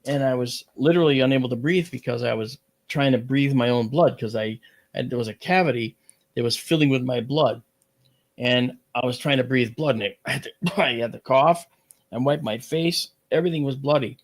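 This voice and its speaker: A gravelly-voiced man speaks as a guest on a talk show, spinning a personal tale with animated energy. His telling rambles and restarts, with plenty of fillers, while his pitch sits in an ordinary male middle range. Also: fairly quick. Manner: lively, rambling delivery with many fillers and restarts.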